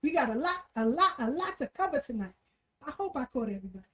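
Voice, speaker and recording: A woman's voice: sits high, sing-song, fast talker, fairly bright tone. A woman hosting a casual livestream, energetically greeting viewers and repeating her greetings. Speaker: livestream host. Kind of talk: casual livestream shout-outs and chat.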